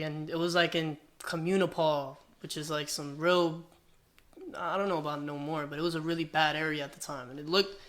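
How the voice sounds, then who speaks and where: A man with a bright, forceful voice chats on a podcast, spinning animated stories and acting out the back-and-forth he recalls. His tone stays lively and conversational. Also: high voice. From New Jersey, US. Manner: animated storytelling, acts out quoted exchanges. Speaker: rapper guest. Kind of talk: casual podcast chat.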